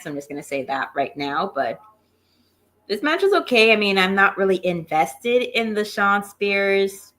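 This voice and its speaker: A woman's voice: medium pitch, fairly bright tone. A woman co-hosting a wrestling review show, recapping in an offhand, breezy way.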